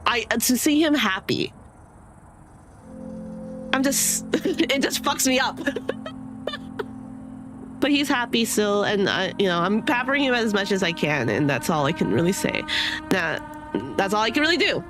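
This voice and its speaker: A woman's voice: medium pitch, lively intonation, moderate pace, pauses often, over music. A young woman chatting casually, rambling with many fillers and sometimes tearful. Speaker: streamer. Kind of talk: casual chat.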